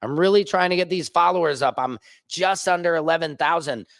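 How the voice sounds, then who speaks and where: A man who hosts his own news vlog, ranting casually and fast from a rooftop with lots of restarts and asides. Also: fairly high pitch, vocal fry, fairly bright tone, dry recording. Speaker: independent journalist and vlog host. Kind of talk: casual on-camera rant.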